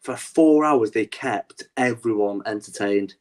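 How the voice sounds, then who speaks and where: A man's voice: fairly low pitch, unhurried, a little mellow. A man co-hosting a wrestling podcast, talking animatedly in a rambling, casual way with lots of restarts. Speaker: podcast co-host.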